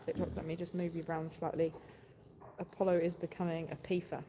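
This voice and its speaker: A woman's voice: on the low side, level tone, brisk, mellow, long reverb tail. A woman livestreaming from her farm. She coos fondly at her animals and chats and laughs with viewers. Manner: coos affectionately at animals, laughs often, rambles chattily. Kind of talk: chatty livestream talk to viewers. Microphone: handheld phone camera. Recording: noisy outdoor farm sound.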